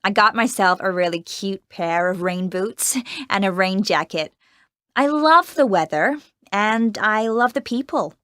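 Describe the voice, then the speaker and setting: A woman's voice: medium pitch, unhurried, a bit bright, no echo, studio quality. A young woman from Los Angeles answering interview questions in a scripted exam recording, sounding enthusiastic and upbeat. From Los Angeles, USA.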